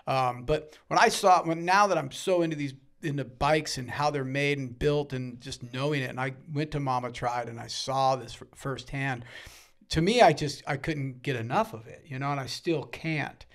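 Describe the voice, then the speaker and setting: A middle-aged man who is a guest musician tells stories in casual conversation, with a medium-pitched voice at a normal speed. He acts out quotes with loud outbursts and swears freely.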